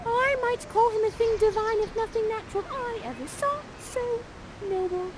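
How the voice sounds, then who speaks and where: A woman's voice: very high-pitched, normal speed, background noise, voice pushed up. A woman voicing Miranda, a lovestruck young girl who gushes in a squealing, swooning voice.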